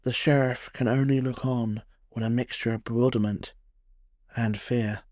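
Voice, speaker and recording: A man's voice: mid-range voice, steady tone, normal speed, noisy background. A man narrating a scripted history tale in a wry storytelling way, with dry humorous asides.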